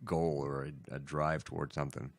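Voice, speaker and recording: A man co-hosting a casual podcast, a stay-at-home dad who talks haltingly and searches for words. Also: rumbling low, little pitch movement, no room sound. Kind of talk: casual chat.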